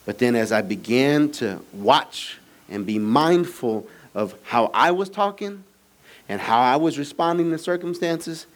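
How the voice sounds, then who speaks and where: A middle-aged male pastor preaching a sermon in a church, moving between conversational, teasing asides to the congregation and animated, rising emphasis. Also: mid-range voice. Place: church sanctuary.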